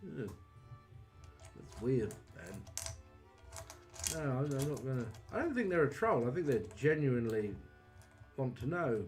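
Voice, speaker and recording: A man's voice: mid-range voice, lively intonation, normal speed, a little mellow, faint music behind. A man chatting casually on a livestream as a psychic witch, wry and self-deprecating.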